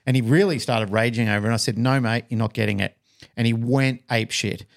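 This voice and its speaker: This is a middle-aged man with an Australian accent, talking casually as a podcast co-host. He tells a personal story in an animated way and lends the people in it their own voices. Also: medium pitch, brisk, creaky.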